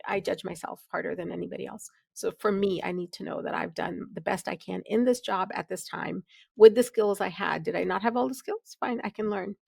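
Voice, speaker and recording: A woman's voice: mid-range voice, a little fast, creaky, darkish tone, husky, no room sound. A middle-aged woman with a Midwestern American accent, speaking candidly and reflectively as an interview guest, laughing easily and restarting her sentences. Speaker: podcast guest, physician leader. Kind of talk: conversational interview.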